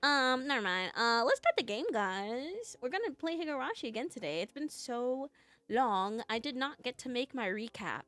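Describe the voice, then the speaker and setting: Giggly young woman streamer, lively high voice. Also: normal speed, no room sound, faint music behind. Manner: playful, giggly, self-mocking. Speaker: VTuber streamer. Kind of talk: casual chat with stream viewers.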